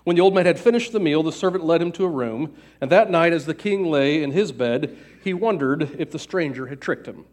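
A man narrating a fairy tale aloud in an even storytelling cadence. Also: fairly high pitch, brisk, hardly any pauses.

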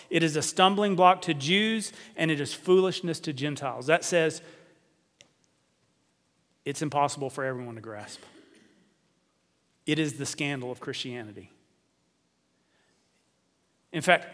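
Male preacher, higher voice, emphatic questioning delivery, echoing hall. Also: fairly bright tone. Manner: emphatic, rhetorical questions, repeats words. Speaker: pastor. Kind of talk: sermon. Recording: long reverb of a hall.

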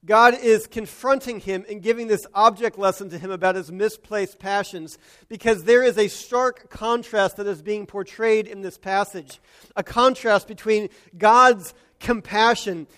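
A man preaching an earnest sermon, moving between hushed and emphatic delivery. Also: sits high. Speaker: pastor.

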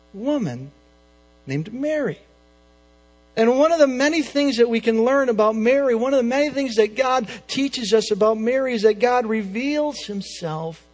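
High-voiced expressive male preacher. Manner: expressive, dramatic swings between loud emphasis and soft hushed phrases. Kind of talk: sermon.

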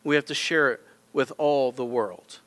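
A man's voice: medium pitch, moderate pace, a bit bright. A middle-aged male pastor preaching a sermon in a church auditorium, with impassioned, repetitive appeals straight to his congregation.

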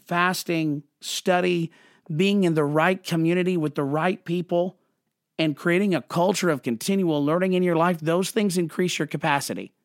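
Brief: earnest pastor teaching a sermon, high voice, dry close mic. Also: male voice, no room sound. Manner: earnest and direct, with humor.

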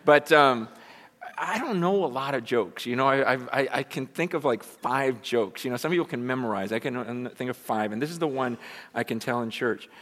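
A male pastor preaching a sermon in a church, self-deprecating and animated, often repeating words as he goes. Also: mid-range voice, normal speed. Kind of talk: sermon with a joke. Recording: long church reverb.

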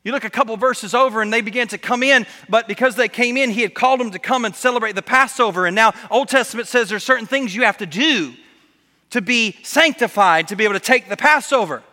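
A man preaching a sermon in a church, in an animated way, acting out voices when he quotes people. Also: extremely high pitch, fast, long reverb tail. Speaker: pastor. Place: church sanctuary.

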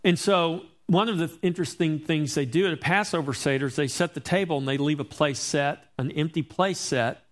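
A man's voice: on the high side, fairly quick, hardly any pauses. A man preaching a sermon as pastor, reading scripture and explaining it emphatically, with rhetorical questions to his congregation.

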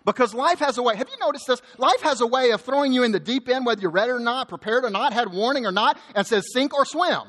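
A man pastor preaching a sermon in a church, lively and joking, often repeating words as he goes. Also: very high voice, fast, hardly any pauses, long reverb tail. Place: church sanctuary.

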